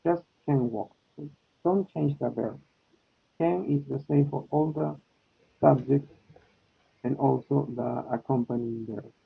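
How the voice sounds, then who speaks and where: A man teaching an online English class, slowly checking in with his students. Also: mid-range voice, gravelly, husky. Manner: slow, repeats with "okay?" and "no?" checks. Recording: tinny phone-like line.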